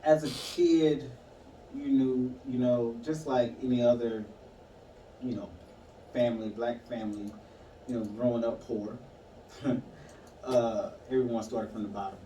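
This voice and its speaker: A man in a casual conversation, sharing a painful memory in a halting, reflective way. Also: medium pitch, steady tone, mellow. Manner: halting, reflective, many fillers. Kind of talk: casual conversation, personal story. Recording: echoey room, far mic, some noise.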